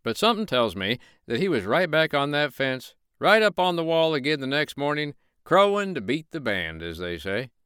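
A man's voice: on the high side, very animated, moderate pace, few pauses, a bit bright, clear, resonant tone, no room sound, studio quality. A man reading a bedtime story aloud as narrator, folksy and chatty in his asides.

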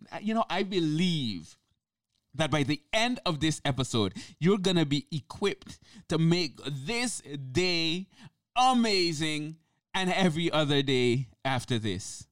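High-voiced excitable male podcast host. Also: no room sound, studio quality. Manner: enthusiastic, laughs often, repeats words. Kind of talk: upbeat solo podcast.

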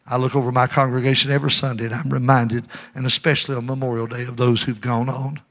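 A middle-aged man preaching a sermon to his congregation, calling for amens and swinging between loud emphasis and hushed asides. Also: mid-range voice, little pitch movement, quick pace. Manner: call-and-response preaching, urging amens. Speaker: pastor.

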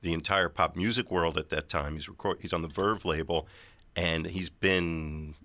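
A man's voice: sits low, steady tone, normal speed, bright, forceful tone, no echo. A man hosting a radio interview, talking conversationally and setting out the background at length. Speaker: radio host.

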